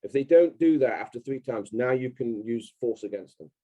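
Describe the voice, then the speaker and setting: A man with a mellow, warm tone talks as a podcast guest. He presses his points hard and repeats them for emphasis, in casual interview talk. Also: mid-range voice, lively intonation, normal speed, poor audio.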